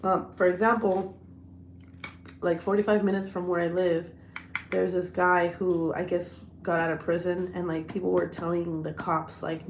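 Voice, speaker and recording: A woman in her thirties, a vlogger telling stories in a blunt, profane, animated casual chat. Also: on the low side, normal speed, roomy sound, slight background noise.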